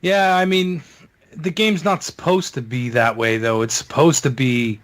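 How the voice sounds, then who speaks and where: A man's voice: mid-range voice, fairly even intonation, unhurried. A man co-hosting a gaming podcast in casual chat, talking in a brash, boastful and profane way. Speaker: podcast co-host.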